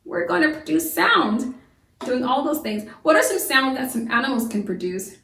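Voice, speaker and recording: A woman teaching a science lesson to young children, lively and full of questions that she answers herself. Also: high-pitched, normal speed, creaky, recorded from a distance. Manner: lively, asks the class questions and answers them. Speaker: homeschool teacher. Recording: echoey room, voice from away from the mic.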